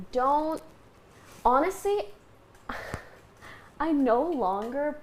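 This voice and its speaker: Animated young woman, laughing often. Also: a little high, slight background noise. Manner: animated, laughs a lot, blunt and swearing. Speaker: guest streamer. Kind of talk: casual chat.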